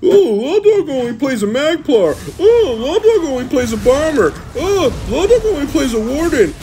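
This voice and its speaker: A man mimicking a whiny male hater in a mocking falsetto. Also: very animated, normal speed. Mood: mocking whine. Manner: mocking, sneering.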